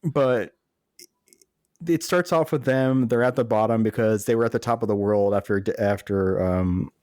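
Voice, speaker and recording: A man's voice: fairly low pitch, moderate pace, darkish tone, dry recording, studio quality. A man co-hosting a podcast, chatting casually in an upbeat way and laughing easily. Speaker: podcast co-host. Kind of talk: casual chat.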